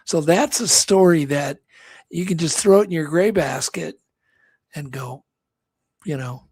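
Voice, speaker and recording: A man with a fairly high, gravelly voice tells a long story on a chat show. His tone is husky, and he restarts sentences often. The sound is close and dry. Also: measured pace, darkish tone, dry recording. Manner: rambling storyteller, many restarts, acts out quotes. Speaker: co-host.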